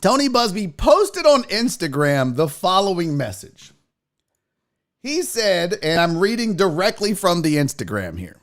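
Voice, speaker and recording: A man's voice: high voice, huge pitch swings, unhurried. A man hosting a sports talk show, joking loosely and swearing in casual banter.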